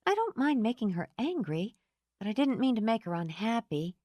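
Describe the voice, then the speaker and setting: A woman's voice: on the high side, big pitch swings, normal speed, darkish tone, no echo, voice pushed up. A woman voicing a bold, blunt woman friend who teases and pushes. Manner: brash, pushy.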